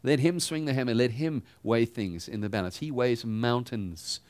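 A pastor giving a sermon in a conversational style, asking the congregation rhetorical questions. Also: male voice, mid-range voice, normal speed, darkish tone, no echo.

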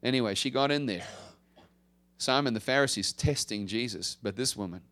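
A male pastor preaching a conversational sermon, swinging from emphatic rises to hushed drops. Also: medium pitch, moderate pace.

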